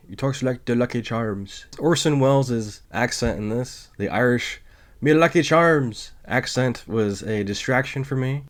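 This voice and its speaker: This is a man of middle pitch talking through a film review in a relaxed, conversational way. He explains things step by step and sometimes stumbles and restarts a phrase as he goes. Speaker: podcast host reviewing films. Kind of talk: casual spoken film review.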